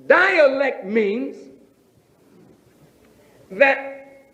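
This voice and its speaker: A man preaching as a minister, emphatic, with rhetorical questions and drawn-out phrasing. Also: very high voice, a bit bright. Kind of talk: sermon. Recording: roomy, dull lo-fi recording.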